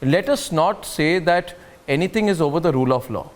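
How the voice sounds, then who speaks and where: A man's voice: fairly high pitch, animated, brisk. Insistent Indian man anchoring a debate. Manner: insistent, emphatic, repeats phrases for force. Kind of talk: televised studio debate. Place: TV studio.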